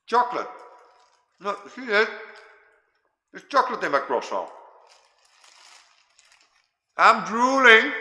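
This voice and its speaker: Fifties guy chatting to his stream while eating, a bit high-pitched, echoey room. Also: sharp tone. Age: 50s. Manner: rambling, repeats words, eats while talking. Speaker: livestream host chatting with viewers. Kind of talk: casual livestream chat. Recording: echoey room with long reverb.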